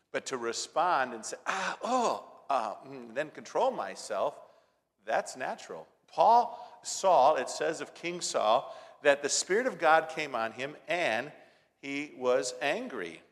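A man delivers a sermon in an even, middle-pitched voice. He tells the story conversationally, then pushes key lines hard and drops to quiet asides. The sound carries a long reverb, as if from a church sanctuary. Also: unhurried. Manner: emphatic, swinging between loud stresses and soft asides; storytelling with repeated rhetorical lines. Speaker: preacher.

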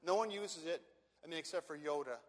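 Guy preaching, kinda high voice, leans hard on words and repeats himself, big echoey church. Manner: emphatic, repeats words, slows down to stress phrases. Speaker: pastor. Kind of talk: expository sermon.

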